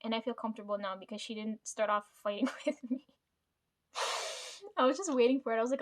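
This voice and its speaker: A woman vlogger chats straight to camera in a loose, rambling way. Her voice sits a little on the high side. She swears freely and laughs between her thoughts. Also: a little fast, long pauses. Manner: rambling, frequent swearing, chatty asides. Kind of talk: casual storytelling to camera.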